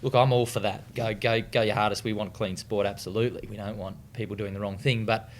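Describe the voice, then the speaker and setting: A man's voice: lowish voice, fairly even intonation, fast, slight background noise. A man with an Australian accent telling stories in a casual interview, laid-back, swearing freely, with many fillers and restarts. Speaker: interview guest, retired distance runner.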